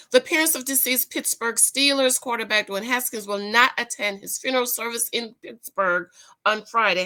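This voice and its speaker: A middle-aged woman chatting casually with viewers, reading a news item aloud and telling a personal story, acting out the voices in it. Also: pushed and bright. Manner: chatty storyteller, acts out exchanges with rising pitch. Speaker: commentary vlogger.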